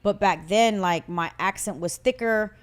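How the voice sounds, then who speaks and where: A woman in her thirties with a Puerto Rican-tinged northern US accent, co-hosting a casual podcast and telling a story in a lively, animated way. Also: medium pitch, a little slow, smooth. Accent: Puerto Rican-tinged northern US English. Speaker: podcast co-host. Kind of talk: casual chat.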